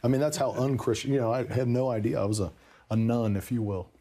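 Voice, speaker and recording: Speaking fast in a warm, medium-pitched voice, this man shares the personal story of his conversion as a guest on a podcast. The talk is casual and earnest, dotted with frequent "you know" remarks.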